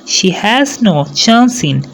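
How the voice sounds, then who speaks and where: A woman reading the lines of a grave male doctor in a storybook reading, slow and earnest. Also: medium pitch, very animated, voice pushed up, rough recording.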